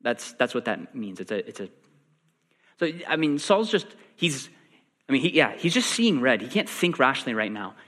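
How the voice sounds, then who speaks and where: A man preaching a sermon, animated and acting out the quoted lines. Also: medium pitch, moderate pace. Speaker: pastor. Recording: long reverb in a large hall.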